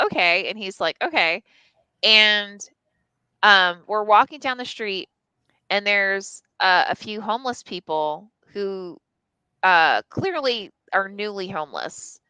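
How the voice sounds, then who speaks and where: A woman's voice: mid-range voice, bright, forceful tone, clear, resonant tone, dry recording, low-quality recording. A woman telling a candid personal story on a live stream, casual and profane, full of "like" and restarts. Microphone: live stream mic.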